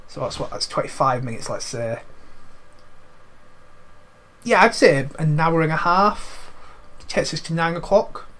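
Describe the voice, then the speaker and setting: A man's voice: on the high side, expressive, a little slow, long pauses, fairly bright tone. A man from England chatting casually as a game streamer, rambling as he plays. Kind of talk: casual live commentary.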